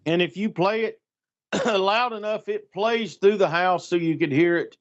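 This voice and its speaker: A man's voice: high voice, measured pace. A middle-aged man telling a story in casual talk, acting out the voices of the people in it. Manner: animated, acts out voices in anecdotes. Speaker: guest storyteller. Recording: dull lo-fi sound.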